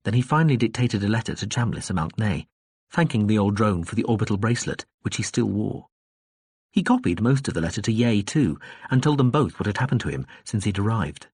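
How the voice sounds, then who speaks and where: A man narrating an audiobook in a calm storytelling manner. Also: fairly low pitch, fairly quick, slightly rough, no room sound, clean studio sound. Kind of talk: scripted narration.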